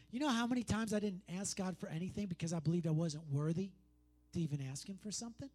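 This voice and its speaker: A man's voice: sits high, brisk, warm tone. A man preaching a sermon, pressing his points through repetition and conversational asides.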